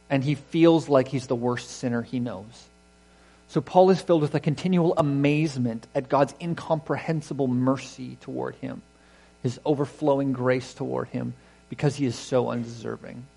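A man's voice: mid-range voice, a little mellow, poor audio. A man in his ordinary middle register preaches to his congregation, earnest and emphatic. He restarts his phrases and puts rhetorical questions to the room. A faint mains hum runs under his voice. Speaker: pastor. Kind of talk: sermon.

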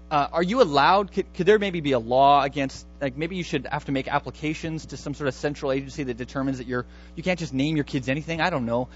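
A man's voice: mid-range voice, muffled recording. A man preaching a sermon in a conversational, emphatic way, often restarting his words. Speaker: pastor.

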